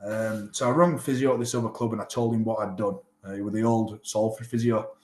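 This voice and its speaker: Yorkshire bloke telling a rugby injury yarn, acts out the voices, echoey room. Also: male voice, fairly low pitch, a little fast. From England. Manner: animated, acts out quoted dialogue. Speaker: rugby player guest. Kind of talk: casual storytelling interview. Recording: roomy echo.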